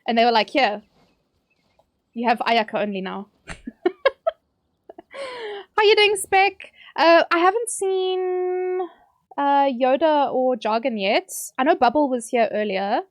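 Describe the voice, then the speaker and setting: A woman's voice: high-pitched, lively intonation, slow, no echo. A young woman streaming a game, chatting casually and ranting, with sudden yelps at the action. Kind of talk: casual live-stream chat while gaming.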